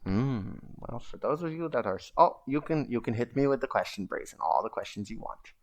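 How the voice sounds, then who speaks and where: A man hosting a casual livestream, rambling and animated as he tells stories and answers viewer questions. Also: medium pitch, brisk. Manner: rambling and animated, chanting and shouting at times. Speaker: livestream host.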